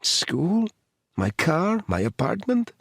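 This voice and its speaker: A man's voice: on the high side, wildly swooping pitch, slow pace, creaky, a bit bright, no echo, studio quality, voice pushed up, full character voice. A male narrator voicing a woman in her thirties with a light Eastern European accent, teasing but guarded. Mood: tense. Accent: light Eastern European (acted).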